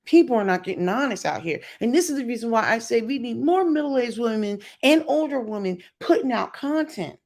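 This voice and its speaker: A woman's voice: high voice, vocal fry, a little mellow. A middle-aged woman vlogger giving blunt, emphatic opinion commentary straight to her viewers.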